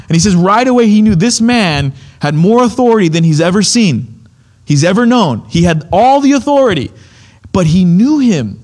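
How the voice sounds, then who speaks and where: A young adult man, a pastor, preaches a sermon and tells a story casually, acting out the voices of its characters. His voice is high and a little mellow.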